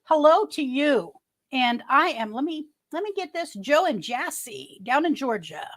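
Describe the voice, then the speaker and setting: A woman's voice: sits high, sing-song, a little slow. A middle-aged woman hosting a casual livestream, chatting with viewers in a rambling way, restarting her sentences often. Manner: greets viewers by name. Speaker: livestream host. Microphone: webcam.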